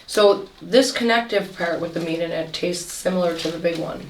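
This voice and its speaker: Woman, low voice, casual storytelling, chatting while eating, echoey room, distant mic, noisy background. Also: normal speed. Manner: lively storyteller, acts out dialogue. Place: home kitchen at a meal.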